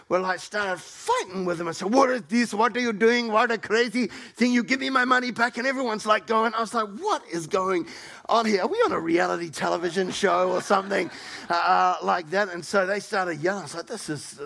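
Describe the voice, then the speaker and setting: Middle-aged male pastor, animated storyteller, high and gravelly. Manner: animated, acts out quoted people with raised pitch. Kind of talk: sermon storytelling.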